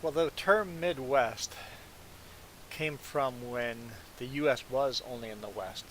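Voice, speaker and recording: A man's voice: mid-range voice, slow, a bit bright, slight background noise, poor audio. A man whose first language is not English, streaming a farming game and chatting casually and rambling to viewers. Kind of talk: casual chat while gaming.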